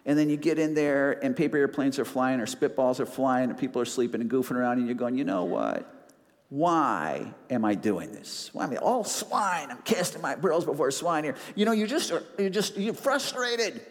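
A male pastor delivers a sermon with a slightly raised pitch, swinging between easygoing chat and acted-out asides. He talks to the congregation like friends, poking fun at himself. The sound carries a long church-hall reverb. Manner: conversational, self-deprecating preaching with acted-out asides.

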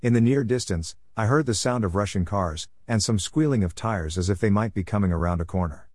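A man narrating a first-person story in a measured, somber way. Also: lowish voice, darkish tone, no echo, clean studio sound.

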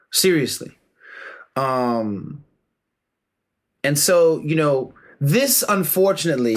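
A man giving an impassioned, preachy monologue about martial arts, emphatic and full of slang. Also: medium pitch.

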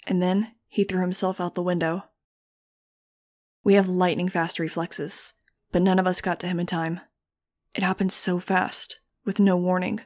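Woman reader for first-person fiction; low-pitched, level, measured and grave. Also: flat delivery, darkish tone. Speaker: audiobook reader. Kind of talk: first-person audiobook narration.

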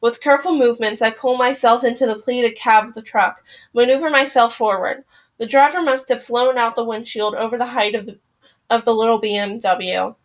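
Woman reading a novel aloud, fairly high voice, emotional, expressive, first-person narration. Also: brisk.

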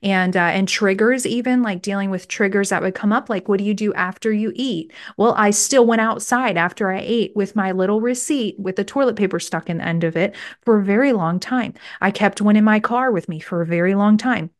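Podcast host, woman in her 40s, candid testimonial talk, middle pitch. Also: a little fast, few pauses. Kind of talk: faith-based podcast talk.

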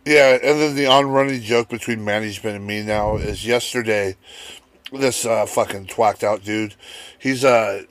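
A man's voice: lowish voice, normal speed, no echo. Profane storytelling man on a dry mic. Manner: profane, animated, acts out the people in his stories. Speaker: guest, wrestler telling work stories. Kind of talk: casual podcast storytelling.

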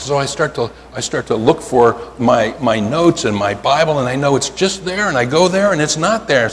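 Male preacher, Pennsylvania accent, animated and emphatic, long reverb of a big hall. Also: on the high side, slight background noise. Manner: animated storytelling, drawn-out emphatic words, frequent "right?". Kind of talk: sermon. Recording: hall reverb, faint ambience.

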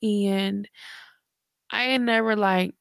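Tired and a little breathless, a young woman podcasts from her bedroom late at night, rambling in a slangy, filler-heavy way. Her medium-pitched voice is slow and gravelly yet clean in tone, with fairly even intonation. Headphones and a desk mic give a dry, clean studio recording.

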